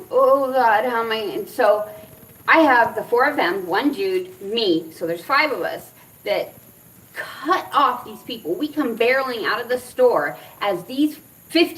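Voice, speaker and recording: Middle-aged woman from Arizona, animated casual vlogger; higher pitch, slightly distant mic. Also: a little slow. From Arizona, USA. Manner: animated, laughs often while telling stories. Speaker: cannabis review vlogger. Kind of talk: casual storytelling and product review.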